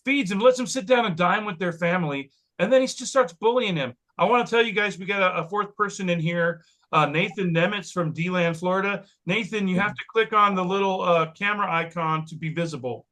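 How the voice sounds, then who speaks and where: Podcast host, man on a video call, bright edgy voice, slightly high. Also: a little fast, few pauses. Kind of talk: casual podcast chat.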